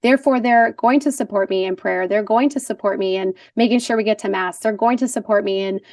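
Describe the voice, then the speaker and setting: Laughing, animated woman guest, dry room. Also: medium pitch, a little fast, no room sound, far from the mic. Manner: animated storyteller, laughs often. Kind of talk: casual conversation.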